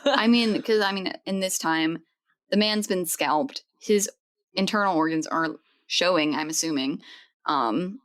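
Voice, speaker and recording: Woman, podcast co-host, dry wisecracks, a bit low pitched, casual chat. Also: a little slow.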